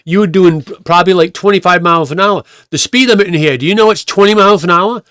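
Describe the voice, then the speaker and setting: A man voicing a bossy, indignant woman who scolds strangers, his voice pushed up high and loud. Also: lively intonation, fast, no echo, studio quality. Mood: shrill scolding. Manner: indignant, nagging.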